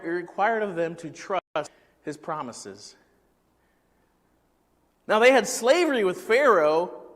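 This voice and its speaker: High-voiced pastor preaching in a reverberant hall. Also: male voice. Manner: conversational preaching, asks the congregation questions. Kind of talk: sermon.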